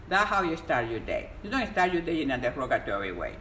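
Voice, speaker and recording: A woman's voice: on the low side, sing-song, fast, few pauses, a bit bright. A woman giving health advice on a casual live stream, emphatic and exuberant, sometimes pleading. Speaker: health coach. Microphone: phone on a live stream. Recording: echoey room with faint background noise.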